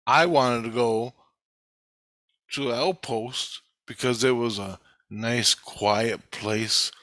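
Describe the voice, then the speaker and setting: A man's voice: mid-range voice, slow pace, a bit bright, dry recording. A man telling a rambling, agitated, profanity-filled story about his own experiences and acting out what others said to him in his own voice. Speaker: vlogger recounting experiences. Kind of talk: rambling first-person story.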